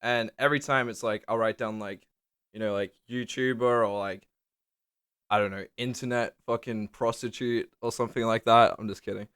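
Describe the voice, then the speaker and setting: A man's voice: mid-range voice, steady tone, moderate pace, fairly bright tone, clear, resonant tone. A young man in a casual vlog monologue, rambling and joking with crude humor. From Australia. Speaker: YouTuber.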